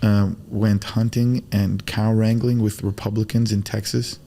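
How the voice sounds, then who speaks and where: A man telling stories as a podcast guest in casual chat, animated, acting out quotes and using Arabic religious phrases. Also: on the low side, a little slow, vocal fry. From Arab world.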